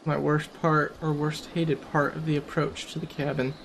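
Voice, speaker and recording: A man's voice: fairly high pitch, completely flat delivery, moderate pace, gravelly, a little hiss or hum. Chatty self-deprecating male game commentator. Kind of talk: casual gameplay commentary.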